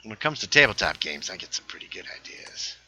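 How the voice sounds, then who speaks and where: A man hosting a casual gaming livestream, chatting while he plays, reading viewer comments aloud and sometimes dropping into hushed asides. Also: sits low, quick pace, slight background noise, low-quality recording. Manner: lively, reads chat aloud, drops into hushed asides.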